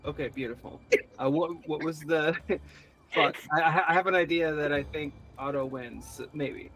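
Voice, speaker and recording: A man's voice: fairly high pitch, a little slow, fairly bright tone, rough recording. A man playing a tabletop game, improvising a scene in a rambling way, laughing and swearing casually. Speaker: player.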